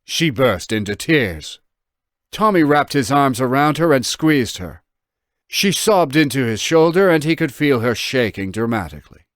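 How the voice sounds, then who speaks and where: A man's voice: mid-range voice, measured pace, dry recording, clean studio sound. A man narrating his own novel as an audiobook, telling the story expressively. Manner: expressive storytelling with voiced dialogue. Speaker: author and narrator.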